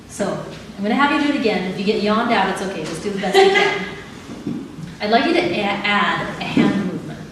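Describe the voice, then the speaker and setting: A woman leading a live audience through body exercises in a calm, instructive way, laughing easily. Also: mid-range voice. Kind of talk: live talk with guided exercises. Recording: echoey hall, mic at a distance, audible background noise.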